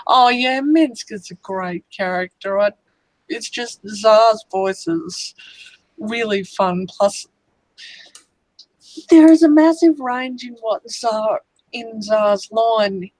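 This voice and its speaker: A woman chatting on a livestream, talking as an enthusiastic fan in an unhurried, thoughtful way. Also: a little high, no echo, rough recording. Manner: slow, enthusiastic fan talk. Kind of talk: casual chat on a livestream.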